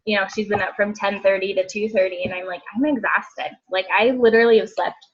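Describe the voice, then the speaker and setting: A woman's voice: mid-range voice, steady tone, quick pace, dull audio. A woman in her thirties, a therapist, chatting casually and rambling with lots of likes and ums. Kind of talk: casual group chat.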